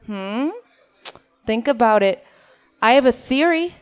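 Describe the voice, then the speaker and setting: A woman's voice: fairly high pitch, animated, slow, clean tone. A stand-up comedian from Minnesota, a woman, nervous on stage and chatting to the crowd in a self-mocking way. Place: on stage at a live show.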